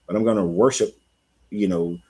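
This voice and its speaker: A man's voice: on the low side, fairly even intonation, moderate pace, darkish tone, breathy edge. A man hosting a live stream, reading scripture and commenting on it in a loose, rambling way, breaking off to greet viewers by name. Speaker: spiritual coach and host.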